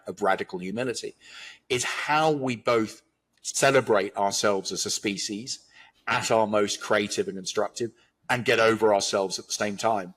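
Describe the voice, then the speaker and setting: Low husky guy thinking out loud, talks in long thoughtful runs. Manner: thoughtful, philosophical, expansive. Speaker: guest commentator. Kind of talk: reflective conversation.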